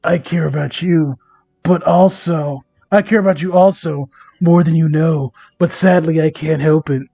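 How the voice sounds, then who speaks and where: A man doing a brooding dark hedgehog hero. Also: on the high side, steady tone, normal speed, vocal fry, no echo. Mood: menacing. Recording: dull dry home mic.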